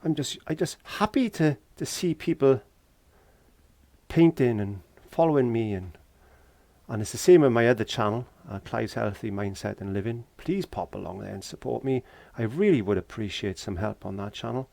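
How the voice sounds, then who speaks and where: A Welsh man with a mid-range, gravelly and slightly mellow voice speaks at a moderate pace with plenty of animation, and there's no echo. He's a painting tutor giving a casual lesson in a garden shed, chatting, joking and talking to himself as he works.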